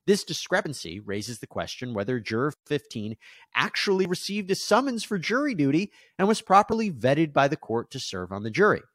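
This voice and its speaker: A man's voice: on the high side, very animated, a little fast, fairly bright tone, no room sound. A man hosting a legal news show, explaining court filings and reading quotes from them aloud.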